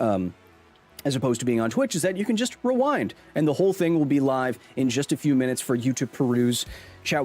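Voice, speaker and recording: A male streamer talks to his chat in an easygoing, conversational tone, with a voice in a middle pitch. He reads viewer questions aloud and answers them one by one. Faint music plays under his voice. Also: a little mellow. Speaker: live stream host reading chat. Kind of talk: casual live-stream chat.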